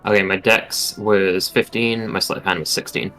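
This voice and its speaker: A man's voice: low-pitched, steady tone, moderate pace, bright, forceful tone, soft background music. A man playing a tabletop game, chatting casually and matter-of-factly about the rules and his dice rolls. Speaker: player.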